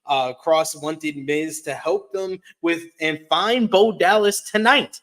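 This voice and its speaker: A man's voice: fairly high pitch, takes it slowly, a bit bright. A man co-hosting a casual review show, recapping events in a conversational way. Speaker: podcast co-host. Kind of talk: casual wrestling review chat.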